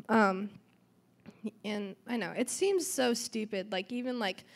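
In an unhurried, medium-pitched voice, a teenage girl tells her church testimony. Her delivery is chatty and full of "um" and "like," and she acts out the quotes.

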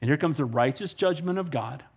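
A man's voice: fairly high pitch, lively intonation, fairly quick, vocal fry, breathy edge. A male pastor preaching a sermon, emphatic and conversational, asking the congregation "Amen?" and acting out exchanges with unbelievers. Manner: emphatic preaching with rhetorical questions and calls of "Amen?"; conversational, acts out dialogue with people he has spoken to.

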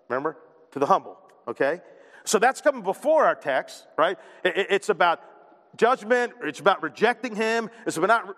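An animated male pastor preaching in a casual, talky way, his voice pitched high for a man. He stumbles over repeated words as he gets going. A long hall reverb trails behind every phrase. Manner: animated, conversational, repeats words when starting a thought. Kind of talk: sermon.

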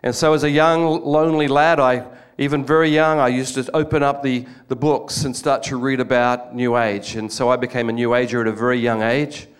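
A man's voice: medium pitch, level tone, a little fast, hardly any pauses, smooth. A man telling his life story as a testimony sermon to a congregation, earnest, often restarting and repeating words. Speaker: guest speaker giving testimony.

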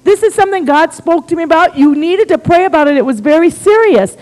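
A woman's voice: very high-pitched, lively intonation, fairly quick, a little mellow, long reverb tail, voice pushed up, rough recording. A woman acting out her insistent, agitated missionary husband in an emphatic, pleading voice within a sermon.

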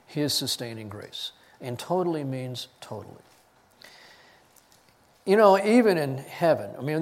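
A man preaching a sermon, reading scripture with rising force and dropping low to press his points. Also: in a large hall. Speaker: pastor.

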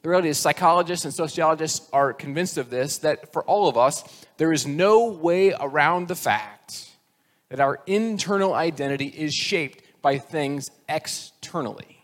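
Higher-voiced pastor preaching in a reverberant hall. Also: male voice, normal speed. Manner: self-deprecating, conversational, tells jokes with voiced characters. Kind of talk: sermon.

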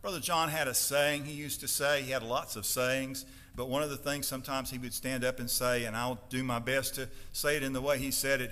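A man preaching a sermon as pastor in a church, emphatic and building to loud declarations. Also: a little high, brisk, big-room sound. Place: church sanctuary.

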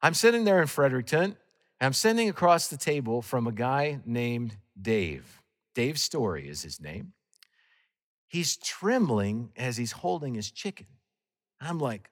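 A Canadian man delivers a sermon in a storytelling way, swinging from loud, bright passages to quiet, hushed asides. His voice sits a little high for a man, and a long reverb trails behind it in the hall. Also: big pitch swings, normal speed. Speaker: guest preacher.

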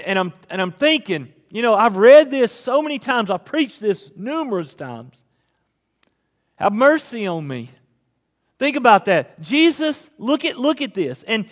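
A man's voice: sits high, long reverb tail. A man preaching a sermon as pastor, building to pleading emphasis as he reads the text.

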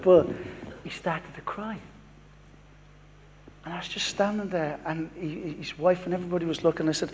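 Man in his fifties, pastor, sermon storytelling, fairly high voice, echoey hall with faint ambience. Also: fairly quick, darkish tone, a little hiss or hum. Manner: storytelling, reenacting dialogue.

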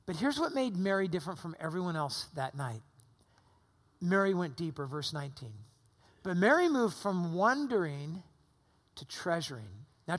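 A middle-aged man preaching a sermon in a church, conversational, with rhetorical questions, while recovering from pneumonia. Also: high-pitched. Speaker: pastor. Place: church sanctuary. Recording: long hall reverb.

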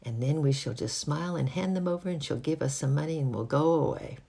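A reader voicing a timid, earnest young boy in a children's story, with a husky, gravelly voice. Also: mid-range voice, brisk, warm tone.

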